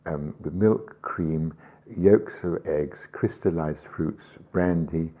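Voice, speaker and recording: Older man, very deep voice, chuckling anecdotes, hesitant, tinny phone-like audio. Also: slow pace. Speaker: rabbi and guest. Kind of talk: radio interview conversation.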